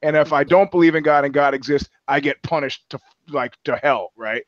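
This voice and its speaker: A man's voice: fairly high pitch, brisk, dry recording, muffled recording. A man in casual comedic podcast chat, rambling and profane, restarting his sentences often. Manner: rambling, profane, full of restarts and put-on voices. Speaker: podcast co-host.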